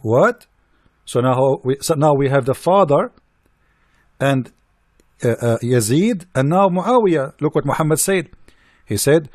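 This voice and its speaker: A man's voice: fairly high pitch, lively intonation, measured pace, long pauses, darkish tone, no echo, studio quality. A man delivering a heated polemical monologue, indignant and mocking, firing off rhetorical questions in non-native English. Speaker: religious critic.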